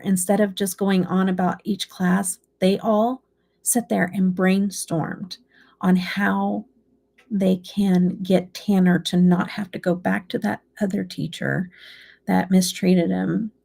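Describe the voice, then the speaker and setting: A woman's voice: medium pitch, creaky, dark tone. A middle-aged woman chatting casually to her viewers, rambling and emotional as she tells a story about her son. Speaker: beauty channel host. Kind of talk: casual chat.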